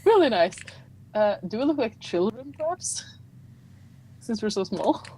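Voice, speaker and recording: A woman playing a tabletop game, making polite quick requests in character. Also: a little high, lively intonation, mellow, a little hiss or hum, poor audio. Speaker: player. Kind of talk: tabletop role-play.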